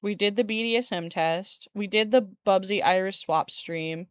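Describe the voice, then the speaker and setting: A woman speaks at a moderate pace in a clear, resonant, medium-pitched voice, recorded dry with clean studio sound. Livestreaming from a room at home by a window on a desk mic, she chats with viewers in a rambling way, laughing frequently and swearing mildly.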